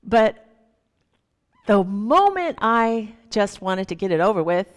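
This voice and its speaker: A woman's voice: mid-range voice, slow pace, clear, resonant tone. A woman minister giving a sermon, telling stories animatedly and acting out the voices in them. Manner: animated, acts out quoted voices in her stories. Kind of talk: sermon with storytelling. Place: church sanctuary. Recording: long hall reverb.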